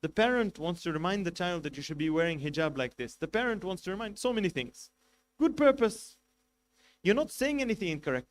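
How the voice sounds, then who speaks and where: Male sheikh delivering a sermon, fairly high voice, emphatic, rhetorical questions. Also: slight background noise. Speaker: sheikh giving a majlis lecture.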